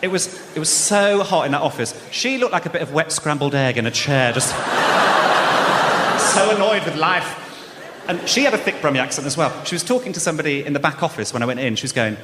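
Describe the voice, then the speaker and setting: Animated stand-up comic in a live venue. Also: male voice, on the high side, brisk. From English Midlands. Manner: animated storytelling, laughs into lines. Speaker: stand-up comedian. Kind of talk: stand-up comedy routine. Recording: live venue reverb with audience noise.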